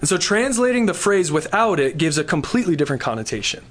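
Emphatic preaching man, higher voice. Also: big pitch swings, quick pace. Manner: emphatic preaching, builds to exhortation; slips into prayer. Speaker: pastor. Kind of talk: sermon. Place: church service.

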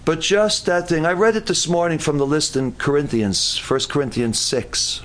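A high-voiced man preaching, animated as he retells a scripture story. He breaks off for jokey asides and often stumbles into restarts. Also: moderate pace. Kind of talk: sermon.

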